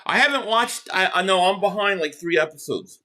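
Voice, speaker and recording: A man's voice: sits high, fairly quick, pushed and bright. A man hosting a live sports reaction stream, trash-talking and sarcastic as he chats with viewers.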